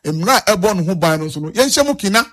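Earnest high-voiced Ghanaian man. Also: animated, rapid-fire, a bit bright. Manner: earnest, repeats points, mixes Twi and English. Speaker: interviewee. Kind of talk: street interview on national issues.

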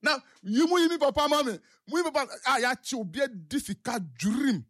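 A man's voice: very high voice, expressive, a little fast, fairly bright tone. A man with a Ghanaian English accent, calling in to a talk show and giving impassioned political commentary with rhetorical questions. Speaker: caller.

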